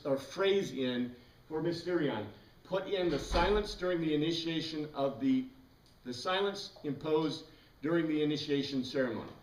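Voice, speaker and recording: A man teaching a Bible class, explaining words patiently, spelling some out letter by letter, with enthusiastic asides. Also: fairly high pitch. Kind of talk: classroom lecture. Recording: roomy echo, mic far away.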